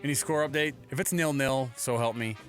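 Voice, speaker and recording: A man's voice: medium pitch, a little fast, a bit bright, faint music behind. A man hosting a casual sports talk radio show in a studio, joking and playful. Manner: joking, playful, does voices.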